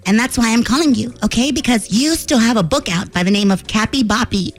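High-voiced woman making a prank call. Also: a little fast, soft background music. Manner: mock-polite, shushing, deadpan. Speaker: radio prank caller.

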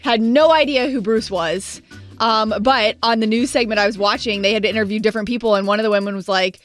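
A young woman co-hosting a morning radio show, telling stories in an animated, emphatic way. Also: fairly high pitch, quick pace, faint music behind. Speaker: radio co-host.

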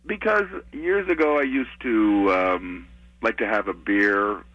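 A comedian chatting as a radio guest, halting with many ums and restarts. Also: male voice, fairly low pitch, dry recording, lo-fi sound. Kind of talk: casual radio interview chat.

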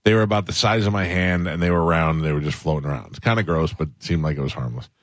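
A man hosting a talk radio show, telling a funny story and mimicking loud people in a raised voice. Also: quick pace, no echo. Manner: animated, acts out other people's shouting in a higher voice.

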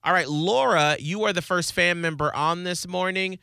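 A man hosting a morning radio show, chatting in lively, teasing banter and laughing often. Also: sits high, normal speed, creaky, clear, resonant tone, no echo, studio quality.

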